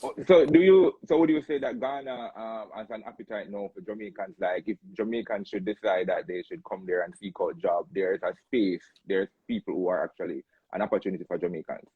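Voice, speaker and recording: A man's voice: on the low side, fairly quick, few pauses, slightly rough, dry recording. A man hosting a casual interview, asking easygoing questions and murmuring short agreements. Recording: dull, dry close mic.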